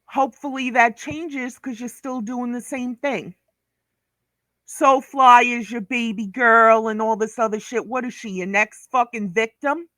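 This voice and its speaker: Slow, blunt New woman ranting. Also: fairly high pitch, sharp tone, no room sound, studio quality. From Brooklyn, New York. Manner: blunt, profane, scolding. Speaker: vlogger. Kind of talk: ranting commentary vlog.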